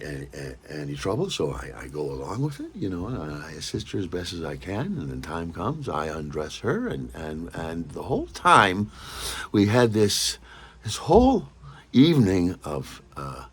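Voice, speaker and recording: A man telling a personal anecdote in a rambling, halting way, often repeating his words. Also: sits low, sing-song, fairly bright tone, breathy edge. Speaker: storyteller. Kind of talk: personal anecdote told casually.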